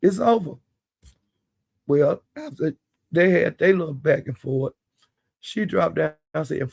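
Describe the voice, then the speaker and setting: A man's voice: a little high, animated, unhurried, vocal fry, pauses often, darkish tone, husky, no echo. An older man giving blunt, profane commentary in casual chat. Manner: blunt, profane, plain-spoken. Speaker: live-stream commentator.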